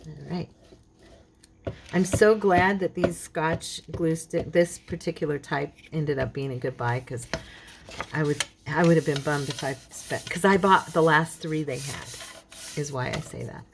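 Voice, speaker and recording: A woman hosts a relaxed crafting tutorial from her home craft table, chatting along and talking to herself as she works. Her voice sits a little low and has a gravelly fry, with a frog in her throat that keeps her clearing it. A faint hiss sits under the recording. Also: unhurried. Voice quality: chatty, talks to herself while working. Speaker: craft channel host. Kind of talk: casual crafting tutorial chat.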